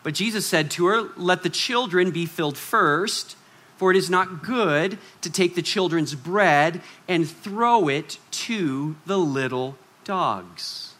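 A male preacher with a high, bright voice delivers an animated sermon. He swings between raised, playful bursts and quiet, hushed stretches, acting out the people he quotes. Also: slow.

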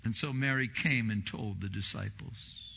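Male pastor, bright edgy voice, animated sermon delivery, slightly dull recording. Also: moderate pace, creaky, husky. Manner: animated preaching, acts out quoted voices with big swings in pitch and volume.

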